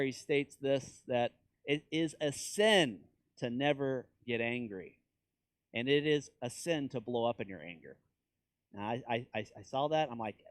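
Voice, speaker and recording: Preaching conversationally, a man from Kansas swings between loud, high-pitched emphasis and low asides while acting out quoted voices with mockery. There's no room sound in the recording.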